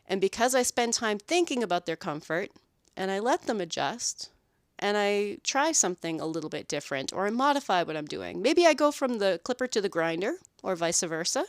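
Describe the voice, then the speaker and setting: Woman, podcast host, lively and expressive, voices little quotes, frequent "right?", dry close sound. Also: on the high side, dry recording. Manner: animated, acts out dog and owner voices, frequent "right?". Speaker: podcast host and dog groomer. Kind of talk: casual podcast monologue.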